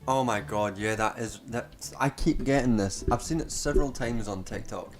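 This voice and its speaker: A young man rambling on a live stream, sardonic and profane, halting and restarting often. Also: medium pitch, faint music behind. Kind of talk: casual rambling stream chat.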